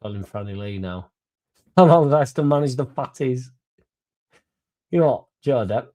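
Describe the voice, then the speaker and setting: A man's voice: mid-range voice, expressive, moderate pace, mellow. A young man, hosting a casual fan-channel live chat, a bit drunk, rambling and swearing freely, laughing between lines.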